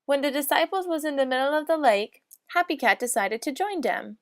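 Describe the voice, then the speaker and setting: A woman reads a comic storybook in mock-solemn lolcat speak. Her voice sits a bit high. The recording is dry and close, with no room sound. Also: animated, brisk, no echo. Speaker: narrator.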